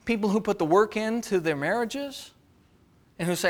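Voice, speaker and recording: A man's voice: high-pitched, expressive, a little fast. A man preaching a sermon as pastor, asking the congregation rhetorical questions and acting out the voices of the people he quotes.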